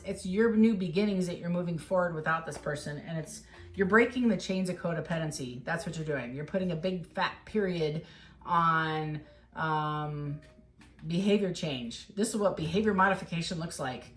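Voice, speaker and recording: A woman's voice: lowish voice, a bit bright. A woman giving a casual tarot reading, talking straight to the viewer in an encouraging, emotional way. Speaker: tarot reader.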